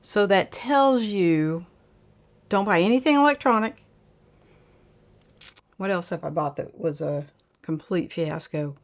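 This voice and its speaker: A woman's voice: fairly low pitch, lively intonation, a little slow, pauses often. A woman hosting a casual live stream, reading viewer comments aloud and chatting with a laugh. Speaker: livestream host reading chat.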